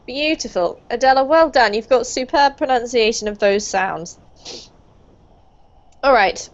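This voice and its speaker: A woman teaching a live online pronunciation class, praising students warmly and laughing often. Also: measured pace. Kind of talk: live online group lesson. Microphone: video call. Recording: dull low-fidelity video call audio.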